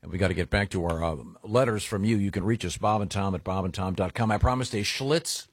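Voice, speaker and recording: A man hosting morning radio, reading listener letters with halting, joking delivery full of uhs. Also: fairly low pitch, husky, no room sound. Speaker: radio show host.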